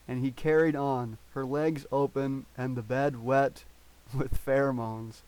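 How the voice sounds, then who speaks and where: A man doing a comic read-aloud of a story in a deadpan voice, now and then cracking up. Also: medium pitch, measured pace, no echo, low-quality recording. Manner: deadpan reading, breaking into laughter. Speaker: reader of fan fiction.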